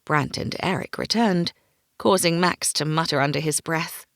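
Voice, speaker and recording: A woman's voice: low-pitched, moderate pace, dry recording, clean studio sound. A woman narrating a first-person fantasy audiobook, giving each character a voice.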